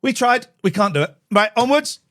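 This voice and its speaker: A man's voice: very high voice, expressive, a little fast, a bit bright. A man hosting a live call-in stream, brash and sweary, bantering with callers.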